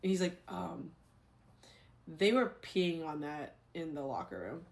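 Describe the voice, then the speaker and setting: A young adult woman, a former teacher, telling a story in a casual, animated, exasperated way. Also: deep voice, a little slow, creaky.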